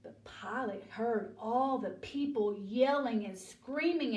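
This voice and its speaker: Slow, echoey woman telling a Bible story. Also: on the high side, darkish tone. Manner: dramatic storytelling with acted voices. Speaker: children's Bible teacher. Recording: echoey room from far off.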